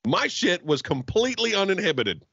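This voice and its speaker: A man's voice: high-pitched, sing-song, normal speed, vocal fry, bright, forceful tone, breathy edge, no room sound, lo-fi sound. A man co-hosting a comedy podcast over a call, ranting in crude, mock-angry banter. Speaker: podcast co-host. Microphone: remote call mic.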